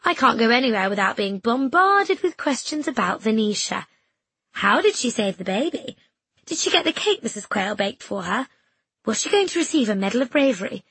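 A woman reading an audiobook narration in a measured, reflective way. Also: on the high side, very animated, gravelly, fairly bright tone, slightly rough, no room sound.

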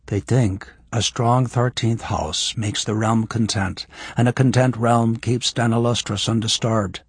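A man voicing a blunt, gruff dark-haired man in an audiobook, speaking curtly. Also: mid-range voice, steady tone, a little slow, dry recording. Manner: blunt, curt.

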